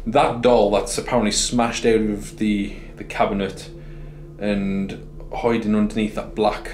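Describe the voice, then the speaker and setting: A man's voice: fairly low pitch, measured pace, slight background noise. Breathless man exploring a haunted building. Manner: excitable, swears when startled. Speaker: paranormal investigator host. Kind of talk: casual vlog narration. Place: old building, indoors.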